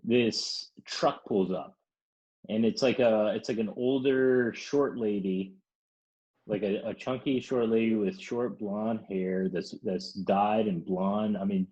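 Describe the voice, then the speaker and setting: A man's voice: lowish voice, steady tone, slow, darkish tone, husky, lo-fi sound. A man casually telling a long, rambling story on a podcast, laughing and swearing.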